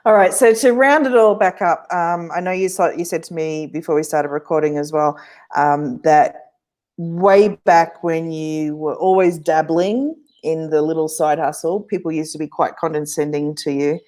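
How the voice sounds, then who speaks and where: Low-voiced woman interviewer. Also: moderate pace. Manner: brief acknowledgements, relaxed questioning. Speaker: interviewer, host. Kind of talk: casual interview questions.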